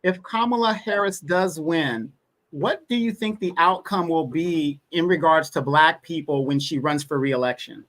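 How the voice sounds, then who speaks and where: Man, guest on a live talk stream, high bright voice, emphatic, repeats his points. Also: normal speed. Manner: emphatic, builds arguments with repetition. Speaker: guest commentator. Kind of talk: casual political talk.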